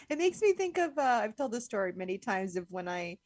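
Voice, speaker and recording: A woman's voice: medium pitch, sing-song, normal speed, long pauses, a little mellow, no echo, studio quality. A young woman co-hosting a casual podcast chat. She talks in a chatty way, uses lots of "like" fillers, and laughs often. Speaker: podcast co-host.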